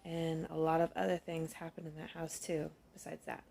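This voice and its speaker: A woman telling a scary childhood story to her phone camera in a steady, understated way. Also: low voice, moderate pace, vocal fry, noisy background.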